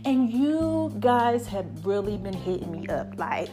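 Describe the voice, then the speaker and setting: A middle-aged woman hosting her podcast, talking in an animated, preachy way and a little out of breath. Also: a little high, measured pace, over music. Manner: animated, preachy, hypes her shows, calls listeners y'all and baby. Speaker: podcast host. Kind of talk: casual monologue to listeners.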